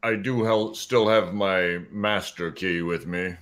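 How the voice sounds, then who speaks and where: A man's voice: sits low, steady tone, slow, fairly bright tone. A man voicing a wary, blunt male dwarf paladin in a tabletop game. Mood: earnest.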